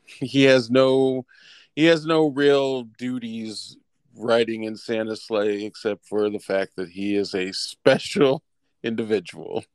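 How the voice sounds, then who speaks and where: A man's voice: on the low side, slow, a little mellow, clear, resonant tone, dry recording. A man co-hosting a comedy show, talking in a playful, rambling way with mock threats. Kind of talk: casual comedic banter.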